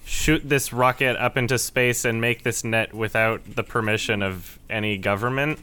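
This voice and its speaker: A man's voice: mid-range voice, fairly even intonation, normal speed, pushed and bright, clear, resonant tone. A man co-hosting a podcast, recapping a movie in casual chat with amused sarcasm and frequent laughs. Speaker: podcast co-host.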